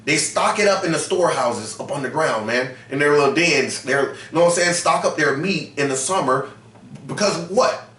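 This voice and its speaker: A man leading a scripture study in a loose, emphatic preaching style, his pitch sitting a little high. He keeps tagging lines with slangy asides. The recording is roomy and picked up from some distance. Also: animated, moderate pace, fairly bright tone, slight background noise. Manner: emphatic, slangy, repeats "man" and "you know what I'm saying". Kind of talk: street-style preaching commentary.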